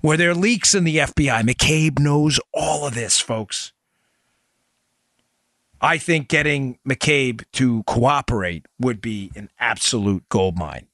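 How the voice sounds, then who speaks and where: A man's voice: medium pitch, a bit bright, no echo, studio quality. Emphatic middle-aged male political podcast host. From New York. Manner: emphatic, fires rhetorical questions, talks to "folks".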